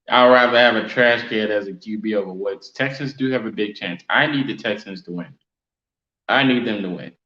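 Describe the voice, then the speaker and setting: A man's voice: on the low side, moderate pace. Casual man hosting a live stream. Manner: casual, reads and answers chat shout-outs. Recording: roomy, dull lo-fi sound.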